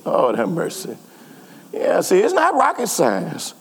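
A man's voice: sits high, huge pitch swings, slow, creaky. A man preaching a sermon as pastor, repeating phrases and calling out to his congregation. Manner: repetitive call-and-response preaching. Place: church sanctuary. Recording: long church reverb.

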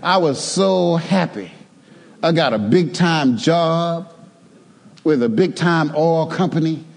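A male preacher delivers a sermon in a church, his voice sitting a little high for a man. He draws the congregation into call-and-response and then pushes into strong, emphatic exhortation. The sound carries a long reverb from the hall. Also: slow pace, vocal fry. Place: church sanctuary.

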